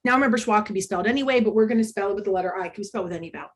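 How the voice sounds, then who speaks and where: A woman's voice: medium pitch, rapid-fire. A woman presenting an interactive online workshop for teachers, speaking over a video call in an upbeat, chatty way with frequent ums. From United States.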